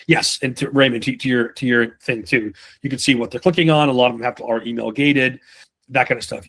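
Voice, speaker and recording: A man coaching sales reps in a relaxed, unpolished way, with frequent swearing and asides. He keeps slipping into short impressions of clients and reps to make his points. His voice sits at an ordinary middle pitch. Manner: casual, swears freely, acts out buyer and rep lines. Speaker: sales trainer. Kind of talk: live sales training session.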